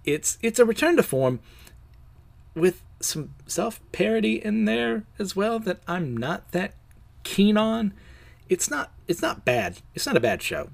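A man's voice: high voice, very animated, measured pace, creaky. A man hosting a casual, unedited review show, rambling loosely with many fillers and self-mocking laughs. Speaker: host of a comics review show. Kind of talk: casual review chat, recounting a comic.

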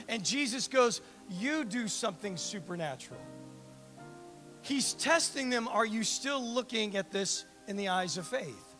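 High, bright-voiced animated preacher man. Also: vocal fry, long reverb tail. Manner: animated, acts out voices of the disciples. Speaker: pastor. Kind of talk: sermon.

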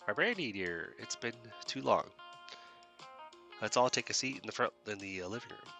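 A man voicing a kind, gentle middle-aged mother welcoming a guest into her home. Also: lowish voice, lively intonation, normal speed, creaky, faint music behind, full character voice.

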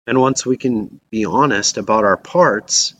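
A man's voice: fairly low pitch, unhurried. A man preaching a reflective sermon as a pastor.

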